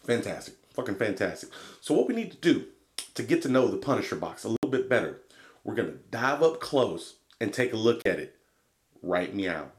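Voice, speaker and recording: A man's voice: medium pitch, sing-song, a little fast. A man reviewing a vape box in a rambling, swearing, laid-back vlog. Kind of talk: casual product review vlog.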